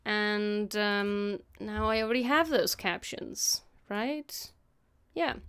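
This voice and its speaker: Woman, German accent with British English mixed in, smooth clear voice, casual live-stream narration, hesitant, self-correcting. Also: mid-range voice, takes it slowly, fairly bright tone. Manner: thinks aloud, hesitant with many fillers and self-corrections. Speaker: motion designer and video editor live-streaming her work.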